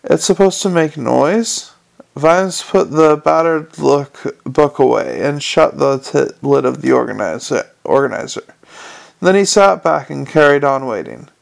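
A man narrating a storybook in a wry, even reading manner. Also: medium pitch, a little slow, creaky. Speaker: audiobook narrator.

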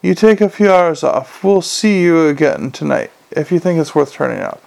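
A man's voice: a little high, animated, normal speed, vocal fry, darkish tone. A man voicing a weary, put-upon middle-aged male sergeant who talks in an exasperated, flustered way.

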